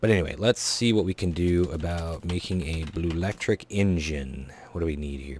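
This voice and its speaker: Deep voiced guy chatting over his gameplay, mumbles counts under his breath, gets all excited. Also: a little fast, slight background noise. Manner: mutters to himself, counts items under breath, excited outbursts. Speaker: Let's Play host. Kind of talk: casual gameplay commentary.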